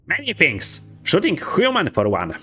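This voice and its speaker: A small, hostile male kobold guard with a crossbow, as a man puts on a voice pitched far above his own. He speaks in short, clipped, broken phrases, blunt and unfriendly. Game dialogue read aloud. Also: wildly swooping pitch, normal speed, sharp tone, soft background music, exaggerated voice. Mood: gruff, clipped.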